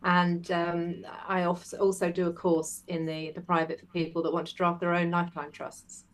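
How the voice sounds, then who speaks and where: A woman from Wales, a will writer, explaining things in a measured way as a guest on a chat. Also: fairly low pitch, monotone. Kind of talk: casual chat.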